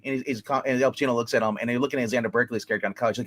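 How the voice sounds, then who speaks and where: A man's voice: mid-range voice, steady tone, racing, few pauses, a bit bright. Rambling man retelling a movie. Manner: rambling, filler-heavy retelling, acting out characters' lines. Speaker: movie reviewer. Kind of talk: casual podcast movie review.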